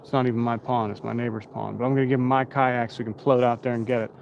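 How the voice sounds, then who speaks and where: A man's voice: medium pitch, little pitch movement, quick pace, creaky, dull audio, slight background noise. A tired man hosting a casual live stream outdoors at night, rambling and chatting with his viewers.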